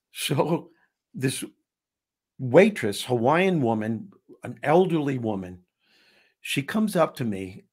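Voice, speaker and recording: Man, talk show host, animated storyteller, restarts often, middle pitch. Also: takes it slowly, breathy edge. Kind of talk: casual storytelling chat.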